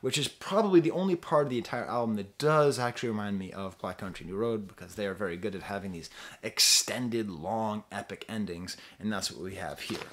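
A man casually reviewing an album, rambling, interrupting himself and trailing off as he thinks aloud. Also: fairly bright tone. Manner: rambling, self-interrupting, sings snippets in falsetto. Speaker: music reviewer.

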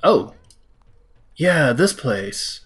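An American man giving casual gameplay commentary, talking to the game, mocking himself and breaking into sudden high exclamations. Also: very animated, very slow, breathy edge. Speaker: let's play host.

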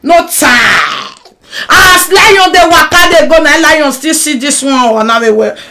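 A Nigerian woman ranting on a live stream. She swings between shouting and muttering, mixing Pidgin and English. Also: high-pitched, steady tone, normal speed. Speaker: social media personality. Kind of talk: emotional live-stream rant.

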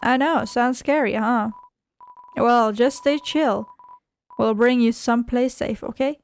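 A woman's voice: a little high, a little slow, slight background noise. A woman voicing a laid-back male royal guard who talks like a slangy dude and says "like" often. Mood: chill. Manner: slangy, drawling, says "like" a lot.

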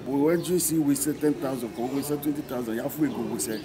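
A man explaining a community training program in an unhurried manner, mixing Igbo with English. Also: medium pitch, background noise. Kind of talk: community speech.

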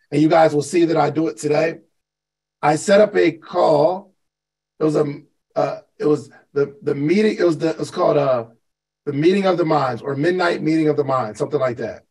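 Gravelly higher-voiced male host. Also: a little mellow, rough recording. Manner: conversational, asks the listeners questions, repeats for emphasis. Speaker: host and business coach. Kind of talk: motivational talk to a live call audience.

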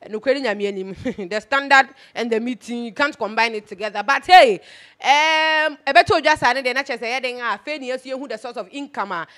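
A woman's voice: a little high, a little fast, a bit bright. A Ghanaian woman hosting a casual gossip commentary, chatty and emphatic, switching between Twi and English. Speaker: host.

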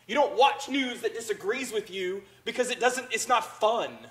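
A man's voice: extremely high pitch, normal speed, low-quality recording. A man preaching a conversational sermon as pastor, acting out the voices of the people he describes. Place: church sanctuary.

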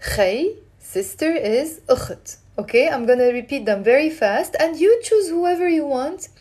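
A woman teaching Arabic live from her phone, lively and coaxing, repeating words for learners to drill. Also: high voice, unhurried. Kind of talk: live-streamed language lesson.

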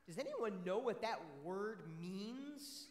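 A man's voice: high-pitched, expressive, takes it slowly, a little mellow. A male pastor giving a friendly children's sermon, asking the kids one question after another in an upbeat way. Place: church sanctuary. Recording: echoey church hall with long reverb.

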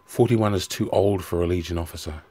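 A man voicing a brooding middle-aged commanding officer who gives quiet orders. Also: low-pitched, fairly even intonation, fairly quick, slightly rough.

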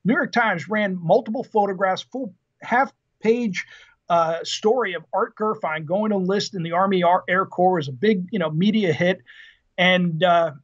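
High-voiced man telling stories. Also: moderate pace. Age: 50s. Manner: lively anecdotal storyteller, frequent fillers and laughs. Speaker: podcast guest, retired Marine officer. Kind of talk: casual interview storytelling. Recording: dull lo-fi podcast audio.

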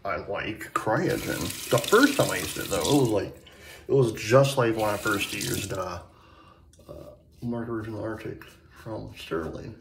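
A man casually talking through his shave, rambling and halting with lots of fillers and restarts. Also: on the low side, gravelly, recorded from a distance, noisy background. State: hiccups. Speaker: shaving video host. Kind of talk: casual shaving vlog talk. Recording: echoey room, mic set back.

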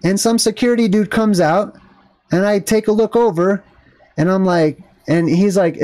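A man's voice: high-pitched, normal speed, a little mellow. A man vlogging, telling a story in an indignant, rambling rant full of fillers and asides. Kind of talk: casual ranting storytelling.

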